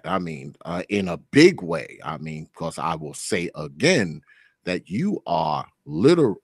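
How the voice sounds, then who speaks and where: A man with a very low, deep voice hosts a relaxed talk show conversation. He speaks earnestly, thanking his guest and circling back over his points. The sound is dry and close. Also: no echo. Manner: earnest, thankful, repeats himself. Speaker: host. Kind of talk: casual interview chat.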